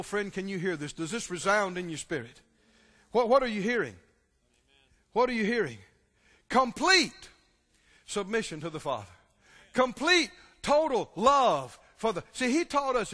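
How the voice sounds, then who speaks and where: A man preaching a sermon, impassioned, swinging between loud exclamations and quiet, low passages. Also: big pitch swings, moderate pace. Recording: long hall reverb.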